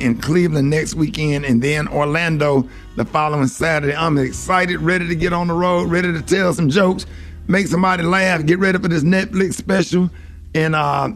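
A male radio host and comedian with a fairly high voice. He talks in a heartfelt, halting way, full of fillers, while faint music plays behind him. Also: steady tone, creaky, a bit bright. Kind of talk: radio show talk.

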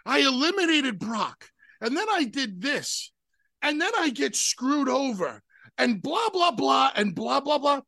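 A man doing a slow, sarcastic wrestler promo. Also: sits high, bright, forceful tone, no room sound, studio quality, exaggerated voice. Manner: sarcastic questioning tone, slow and pointed. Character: aggrieved male pro wrestler questioning the crowd.

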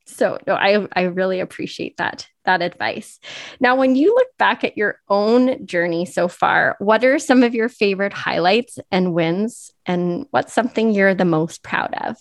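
A woman's voice: mid-range voice, expressive, a little slow, no echo, studio quality. A woman in her forties hosting a podcast, affirming her guest and laughing easily. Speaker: podcast host. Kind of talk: casual podcast interview.

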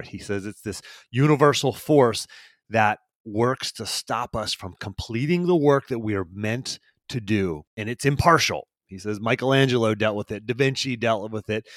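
A man, a performance coach, giving a solo motivational podcast talk in an energetic, emphatic way, repeating key phrases. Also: lowish voice, no echo, clean studio sound.

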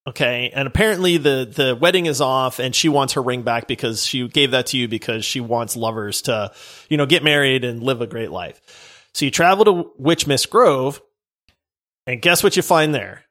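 A man co-hosting a gaming podcast, retelling a quest in an animated, laughing way. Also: mid-range voice, moderate pace. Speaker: podcast co-host. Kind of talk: casual chat.

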